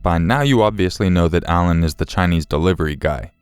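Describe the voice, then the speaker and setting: Male narrator for scripted horror stories, very deep, smooth and dry, measured delivery. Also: no echo, faint music behind. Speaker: story narrator.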